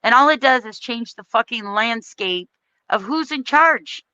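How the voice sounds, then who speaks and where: A woman's voice: fairly high pitch, lively intonation, unhurried, sharp tone, no room sound, highs cut off. An American woman hosting a livestream, delivering a heated, profane political rant with blunt emphasis. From United States. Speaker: livestream host.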